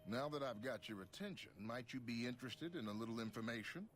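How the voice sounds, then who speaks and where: A man's voice: mid-range voice, fast, slight background noise, close to an everyday voice. A man voicing a folksy shifty scavenger. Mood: wheedling. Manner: folksy, wheedling salesman talk. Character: shifty male wasteland gambler and scavenger.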